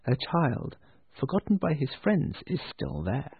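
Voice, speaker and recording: A man voicing a childlike spirit, speaking softly and gently, a little higher than his own voice. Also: wildly swooping pitch, measured pace, slightly rough, no room sound, exaggerated voice. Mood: gentle. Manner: soft and gentle. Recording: tinny phone-like dry sound.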